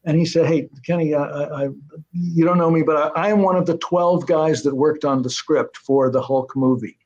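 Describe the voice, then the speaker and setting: An older man, a guest on an interview show, telling anecdotes in an animated way and acting out the voices of people he quotes. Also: on the high side, moderate pace. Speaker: guest, TV series creator. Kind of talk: anecdotal storytelling. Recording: muffled lo-fi audio.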